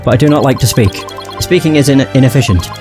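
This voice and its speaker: A man voicing a terse, robotic male bomb disposal expert in a game, speaking in flat, clipped words. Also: mid-range voice, fast, music in the background, lightly acted. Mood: robotic, curt. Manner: clipped, flat, word-by-word delivery. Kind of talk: video game dialogue read aloud.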